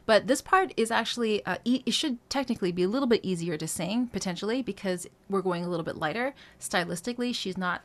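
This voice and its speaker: Speaking fast with hardly any pauses, a woman of medium pitch coaches a singing student. Her explanations of technique come with many fillers and restarts, punctuated by brief sung demonstrations and vocal drills.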